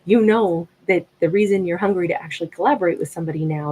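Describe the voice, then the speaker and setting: A woman giving a gentle, reflective tarot reading in a conversational way. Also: on the low side, a little hiss or hum, rough recording. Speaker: tarot reader.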